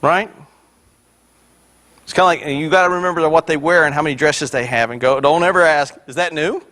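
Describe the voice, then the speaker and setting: A male pastor with a high-pitched voice preaches a sermon with energy. He builds to loud, forceful peaks on the points he stresses, then slips into joking asides to the congregation. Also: fairly quick.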